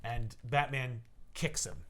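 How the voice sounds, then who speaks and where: A man chatting casually on a podcast, retelling a comic book plot with lively acted-out voices. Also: mid-range voice, takes it slowly. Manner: animated storytelling, acts out characters with shouts and laughs. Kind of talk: casual chat.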